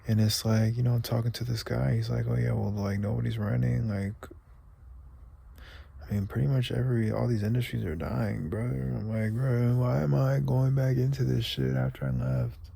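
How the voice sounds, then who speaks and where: A man's voice: medium pitch, moderate pace, vocal fry, dark tone, breathy edge. A young man from the United States talking through a rambling, emotional confessional vlog, close to tears and sometimes dropping to a whisper. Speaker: vlogger.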